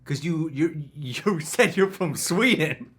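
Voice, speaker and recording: A man doing a loud, brash security guard. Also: fairly high pitch, expressive, slow pace, voice pushed up. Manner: loud, boastful, teasing, over-sharing. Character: brash, touchy male security guard, young adult. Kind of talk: improvised comedy skit.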